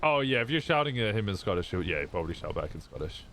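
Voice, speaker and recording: A man with a lowish, slightly bright voice chats casually on a live stream, rambling and swearing freely as he thinks aloud. He's very animated and talks fast, with a faint hiss of noise under his voice.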